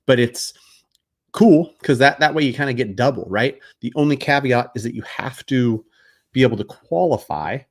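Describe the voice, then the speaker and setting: A man's voice: medium pitch, moderate pace. A man hosting a casual live Q&A as a mortgage broker, explaining loans in a conversational way with frequent fillers and restarts. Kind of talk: casual live Q&A answering viewer questions.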